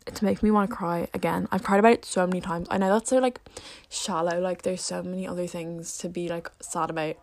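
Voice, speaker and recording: A woman's voice: on the low side, steady tone, moderate pace, creaky, a little mellow, no room sound. Chatty teen girl, dry close sound. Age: late teens. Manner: rambling, filler-heavy, self-deprecating. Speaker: vlogger. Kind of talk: casual chat to camera.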